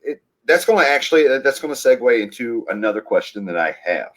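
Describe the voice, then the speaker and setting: A man's voice: mid-range voice, sing-song, brisk, a bit bright. A male police officer on a video call, asking interview questions in a friendly, encouraging way.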